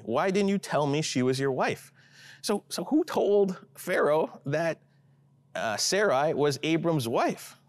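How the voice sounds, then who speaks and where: A man preaching a conversational sermon and reading scripture. He talks in a chatty, informal way, often checks in with his listeners, and gets animated when he puzzles over the text. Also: mid-range voice, no room sound. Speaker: pastor.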